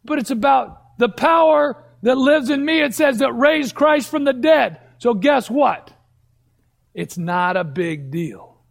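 Man, very high voice, gravelly, preacher, emphatic sermon, asks and answers himself. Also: measured pace, few pauses. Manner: emphatic call-and-answer preaching, sudden drops to a low hush.

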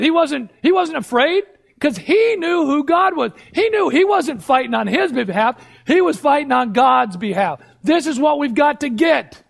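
A man with a very high, gravelly voice delivers a sermon. He preaches emphatically, posing questions and answering them himself, and at times drops to a low hush.

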